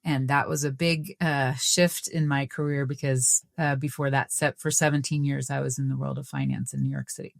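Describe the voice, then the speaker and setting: A middle-aged woman speaks at an ordinary pitch, stopping now and then with small hesitations as she introduces herself. The recording is dry and close, with no room sound. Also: steady tone, moderate pace, vocal fry, few pauses, no room sound. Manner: hesitant, with fillers. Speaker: guest, practitioner. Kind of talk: interview self-introduction.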